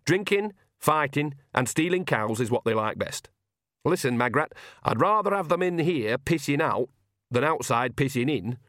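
A man's voice: medium pitch, expressive, moderate pace, fairly bright tone, no room sound, clean studio sound, pitched above the performer's own voice, natural voice. A man voicing an earthy, shameless old witch woman who talks in a blunt, bawdy, down-to-earth way, in an audiobook reading.

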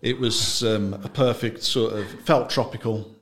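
Podcast guest: man, slightly low-pitched, relaxed rambling chat with frequent laughs. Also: unhurried. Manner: chatty, loose, laughs often, trails off mid-sentence. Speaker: gin brand founder, guest. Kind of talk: casual interview chat.

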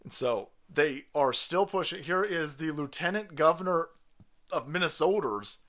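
A man hosting a livestream, ranting in a profane, sarcastic, mocking way with sudden loud outbursts. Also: on the high side, animated, unhurried. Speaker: livestream commentator. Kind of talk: profane political rant.

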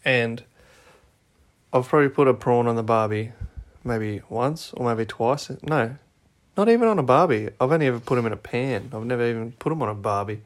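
An Australian podcast co-host chatting casually, relaxed with dry asides. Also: medium pitch, fairly quick. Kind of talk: casual chat.

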